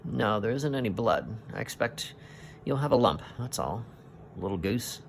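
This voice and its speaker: A man reading as a gentle young reporter. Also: on the low side, animated, normal speed, creaky, a little hiss or hum. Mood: reassuring. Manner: gentle, reassuring. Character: young male reporter, polite and calm. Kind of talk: reading a comic aloud.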